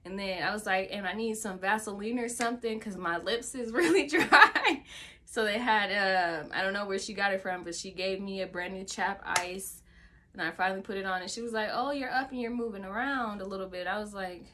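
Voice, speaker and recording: A young woman tells a casual storytime to her channel in a bright, forceful voice. She acts out the quotes as she goes, her pitch jumping up and sometimes dropping to a whisper. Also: normal speed. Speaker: vlogger.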